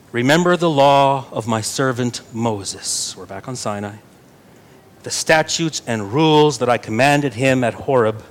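A young man preaching a sermon, reading scripture earnestly and adding playful asides to his congregation. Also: medium pitch. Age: young adult. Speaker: pastor.

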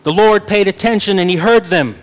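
A man's voice: sits high, fairly quick. A young man preaching a sermon, reading scripture earnestly and adding playful asides to his congregation. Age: young adult. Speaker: pastor.

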